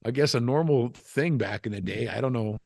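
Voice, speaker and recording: A man's voice: mid-range voice, a little fast, gravelly, darkish tone, dry recording, studio quality. An older man, a former wrestler, telling stories in a casual interview, rambling with frequent restarts and "you know" asides. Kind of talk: casual storytelling chat.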